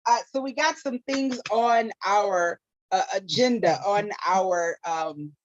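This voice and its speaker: A woman's voice: medium pitch, slow pace, dry recording, dull audio. A woman co-hosting a live talk show, chatty and laughing often as she runs a quiz game. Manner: chatty, laughs often, drops into playful foreign phrases. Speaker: co-host running a game segment. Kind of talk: casual live podcast chat.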